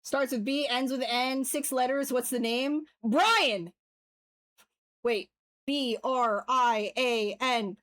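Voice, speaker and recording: Female streamer, higher voice, casual jokey chatter with swearing, tutorial asides. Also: steady tone, takes it slowly, a bit bright. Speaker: livestreamer sculpting digital art. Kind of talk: casual chat while demonstrating software.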